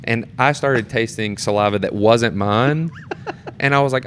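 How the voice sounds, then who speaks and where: A young man, a theatre performer, chatting casually in an interview and telling animated backstage stories. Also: mid-range voice, moderate pace, slight background noise. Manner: animated storyteller, voice jumps up in quoted reactions. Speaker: theatre performer and board member.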